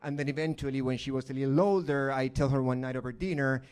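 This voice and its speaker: A middle-aged man performs stand-up, telling a grim family story with dry deadpan timing. His pitch sits in the middle for a man, and he turns earnest and gentle as the story closes. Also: fast talker, clear, resonant tone. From Argentina. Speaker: stand-up comedian. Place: live comedy stage.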